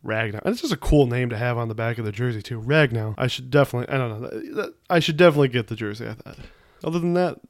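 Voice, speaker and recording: A man's voice: medium pitch, very fast, no echo, clean studio sound. A young man hosting his own podcast, chatting loosely and rambling, correcting himself as he goes. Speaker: podcast host. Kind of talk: casual solo podcast chat.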